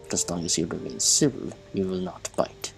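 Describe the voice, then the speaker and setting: A man voicing a pleasant, cultured man in a trench coat, speaking with a put-on Russian accent in a courteous, unhurried way. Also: deep voice, vocal fry, over music, poor audio.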